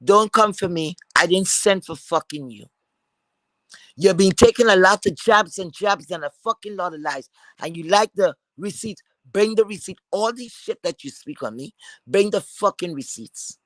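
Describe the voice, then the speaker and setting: High-voiced man ranting angrily. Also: animated, normal speed, a bit bright, dry recording, poor audio. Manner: insulting, repetitive, confrontational. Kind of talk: heated profane rant.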